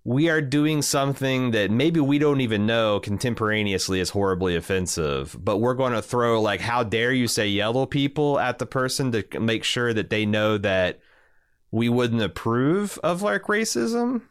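A man's voice: mid-range voice, expressive, moderate pace, smooth. A man co-hosting a podcast, chatting casually with a wry, sarcastic edge. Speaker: podcast co-host. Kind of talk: casual chat.

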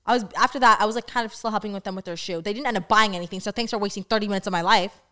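A young woman from Staten Island, co-hosting a podcast and telling stories in a lively, casual way full of "like"s. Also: medium pitch. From Staten Island, New York. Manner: animated, quick storytelling with many "like"s. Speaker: podcast co-host. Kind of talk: casual storytelling chat.

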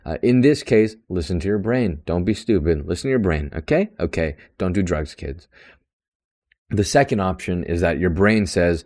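A young man talks alone into his podcast mic in a very low voice. He rants in a blunt, sarcastic way and fills any gap with more talk, like an extrovert who hates silence. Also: normal speed, a little mellow. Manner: talkative and extroverted. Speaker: podcast host. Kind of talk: solo podcast monologue.

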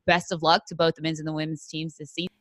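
A woman's voice: sits low, little pitch movement, fast, no echo. A woman hosting a golf podcast, chatting casually with lots of fillers. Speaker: podcast host. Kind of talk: casual interview chat.

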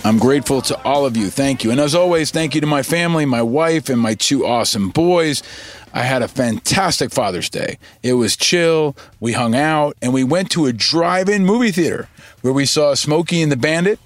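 A man's voice: mid-range voice, expressive, moderate pace, no echo. Upbeat man hosting a podcast. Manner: upbeat, emphatic, repeats for effect. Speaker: podcast host. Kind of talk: casual podcast shout-outs.

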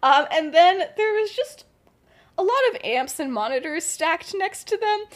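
A woman's voice: extremely high pitch, animated, a little slow. A young woman casually retelling a story on a podcast, full of fillers and acted-out lines. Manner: rambling, filler-heavy, acts out characters with laughs. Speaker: podcast co-host.

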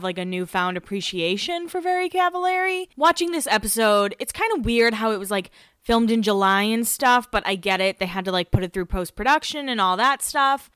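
A woman's voice: clear, resonant tone, no room sound, clean studio sound. Chatty young woman rambling on a podcast. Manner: rambling, chatty, lots of likes and fillers; lively pitch jumps when excited. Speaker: podcast host. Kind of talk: casual solo recap podcast.

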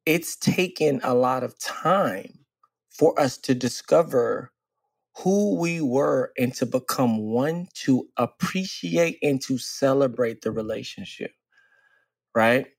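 A man in his forties talks earnestly on a podcast, a coach musing on relationships. He lingers on key phrases in an even, middle-pitched voice. The sound is close and dry. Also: creaky, no room sound. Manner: earnest, reflective, drawls key phrases slowly. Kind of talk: casual podcast conversation.

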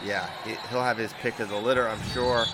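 Relaxed man podcast host. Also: medium pitch, fairly quick, background noise. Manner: relaxed, asks questions and relays listener questions. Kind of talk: casual podcast interview.

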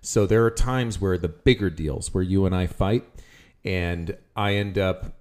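A man's voice: low voice, unhurried, a little mellow. A man co-hosting a relationship podcast, talking bluntly and frankly in casual chat. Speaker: podcast co-host.

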